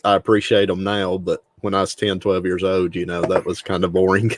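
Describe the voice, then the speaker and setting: Middle-aged Tennessee man, low Southern drawl, relaxed storyteller, dry sound. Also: a little fast, no room sound. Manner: easygoing storyteller who laughs a lot. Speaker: guest. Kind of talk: casual interview talk.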